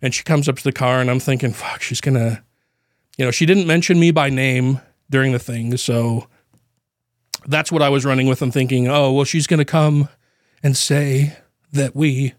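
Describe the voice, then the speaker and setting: A man co-hosting a podcast, telling a personal story in casual chat, halting with fillers and nervous laughs, grief close to the surface. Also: medium pitch, no echo. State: grieving, voice near tears. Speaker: podcast co-host.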